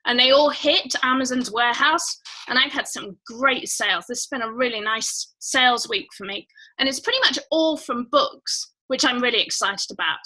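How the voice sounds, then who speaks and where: High, bright-voiced woman hosting a chatty livestream. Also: moderate pace, low-quality recording. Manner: rambling, chatty, many fillers; greets viewers by name. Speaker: livestream host. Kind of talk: casual livestream chat.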